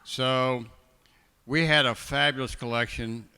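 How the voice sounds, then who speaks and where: An older collector on a panel who tells his stories slowly and wryly. His voice is bright and smooth, with a long hall reverb behind it. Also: mid-range voice, fairly even intonation. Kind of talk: storytelling on a panel.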